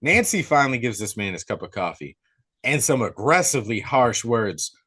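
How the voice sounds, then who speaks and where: A young man hosting a podcast, retelling a movie plot in casual, excitable, slangy chat. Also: medium pitch, moderate pace, breathy edge. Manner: excitable storyteller, slangy, says dude a lot. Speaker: podcast host.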